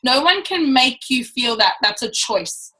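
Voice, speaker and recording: A woman's voice: sits high, lively intonation, unhurried, bright, forceful tone, low-quality recording. A woman giving a casual, blunt and chatty training talk to a business team. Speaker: network marketing trainer.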